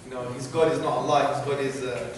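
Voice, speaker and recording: A man answering student questions in a university lecture hall, animated and often checking in with "yeah?". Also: medium pitch, quick pace. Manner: animated, repeats "yeah?" to the audience. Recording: very echoey hall, noisy, from far off.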